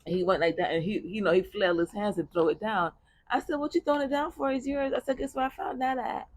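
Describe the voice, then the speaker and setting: A woman telling a personal story in casual chat, blunt and profane, with an animated delivery. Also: medium pitch, quick pace, no echo. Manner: blunt, profane, animated retelling with bursts of laughter.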